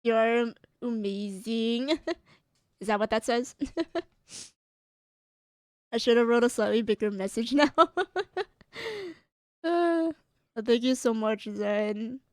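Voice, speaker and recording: A woman's voice: on the high side, slow pace, long pauses, dry recording, clean studio sound. A woman streamer chatting on a livestream, choked up and tearful, giggling between her phrases. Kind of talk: casual livestream chat.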